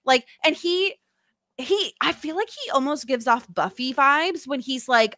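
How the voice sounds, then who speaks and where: A woman's voice: sits high, moderate pace, fairly bright tone, no room sound. A woman co-hosting a podcast, chatting casually about a TV episode and acting out characters' lines. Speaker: podcast co-host. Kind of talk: casual chat recapping a TV episode.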